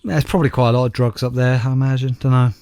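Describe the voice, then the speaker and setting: A man co-hosting a casual comedy podcast, dropping wry remarks and quick questions. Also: mid-range voice, steady tone, darkish tone. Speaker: podcast co-host.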